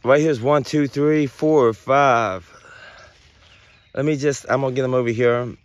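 A man vlogging outdoors in the woods, rambling excitedly and joking as he goes. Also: medium pitch, unhurried, dry recording. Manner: excited, rambling, talks to mushrooms playfully. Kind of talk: casual outdoor vlog narration.

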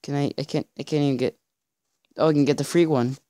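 A man giving let's-play commentary, exasperated and stammering, often pleading out loud with the game. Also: on the high side, fairly even intonation, fast talker. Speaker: gaming video creator.

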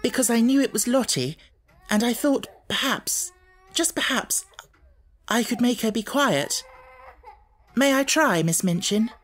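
A gentle, earnest little schoolgirl from a storybook, voiced by a man. She speaks softly and politely, in a voice lifted well above his usual low register, thoughtful rather than bold. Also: expressive, a little slow, long pauses, full character voice.

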